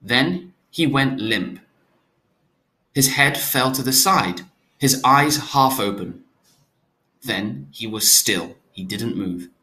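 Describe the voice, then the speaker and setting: A man's voice: mid-range voice, expressive, slow, pauses often, pushed and bright. A man reading a novel aloud, stopping to restate hard words in simpler terms.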